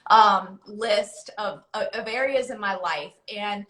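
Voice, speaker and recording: Woman host, bright and earnest, casual live chat in a roomy space. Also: mid-range voice, slow pace. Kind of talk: casual conversation on a live stream.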